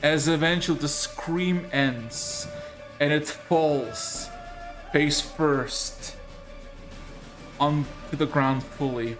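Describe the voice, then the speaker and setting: A man narrating a tabletop role-playing session as game master, drawing out his descriptions slowly and dramatically. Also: fairly high pitch, steady tone, over music.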